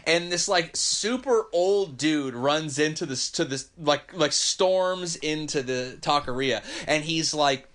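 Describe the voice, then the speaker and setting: A man hosting a podcast, telling a story in an animated, profane, rambling way. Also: on the high side, normal speed. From Northern California. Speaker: podcast host. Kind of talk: casual storytelling chat.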